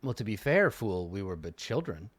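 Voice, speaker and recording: A cocky young noble duelist who needles everyone around him, as a game master voices him. He is teasing and playfully arrogant, and his voice sits fairly low. The sound is dry and close. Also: very animated, normal speed, no echo.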